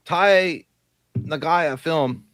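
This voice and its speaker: A man's voice: a little high, extremely slow, a bit bright, no echo. Laid-back, crude-joking male co-host. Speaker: co-host reading viewer messages. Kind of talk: casual live-stream chat.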